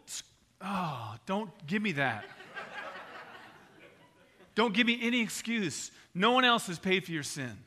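Bright, animated older male preacher. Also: sits high, slow, pauses often, a little hiss or hum. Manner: conversational and animated, with anecdotes. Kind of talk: evangelistic sermon.

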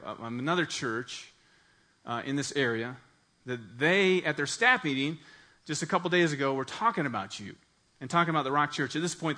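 A man preaching a sermon as pastor, telling a personal story in an earnest, animated way. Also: on the high side.

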